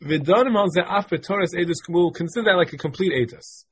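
A man with a slightly high, husky voice teaches a text-based Talmud class. He reads short passages aloud, translates them, and walks through each point patiently, often repeating phrases. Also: brisk.

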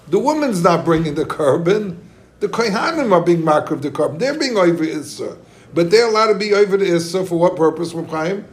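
A man giving an excited Talmud lecture to students, restarting often and asking listeners questions. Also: high-pitched. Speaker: Talmud teacher.

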